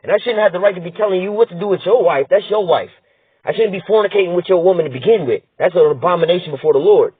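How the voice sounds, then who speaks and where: Husky high-voiced man ranting on tinny audio. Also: quick pace, dry recording. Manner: blunt, profane, rhetorical, repeats "all right?". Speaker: political commentator. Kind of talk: heated profane commentary reading news aloud. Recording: tinny phone-like dry sound.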